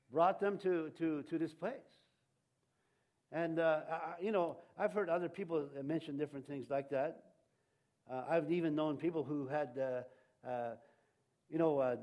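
Rambling, halting male pastor preaching. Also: on the high side, darkish tone. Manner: rambling, halting delivery with many restarts and fillers. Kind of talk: sermon.

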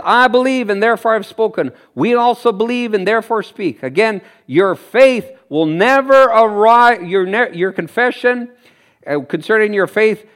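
A man from Canada preaching a sermon in an animated way, laughing and acting out the people he quotes. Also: high-pitched. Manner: animated, laughs often, acts out quoted voices.

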